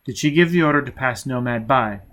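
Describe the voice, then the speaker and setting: An enraged man fires off insistent, commanding questions, as a man reading an audiobook puts him on. His voice is pushed loud and slightly raised, with a bright, sharp edge. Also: medium pitch, fairly quick, lightly acted. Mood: demanding. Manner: demanding, insistent. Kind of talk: audiobook character voice.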